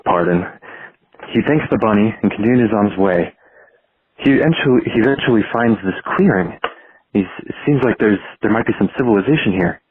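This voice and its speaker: A man leaving a voicemail, telling an improvised story in a halting, stumbling way. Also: lowish voice, slightly rough. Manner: halting, many restarts. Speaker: caller. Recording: tinny dry phone voicemail.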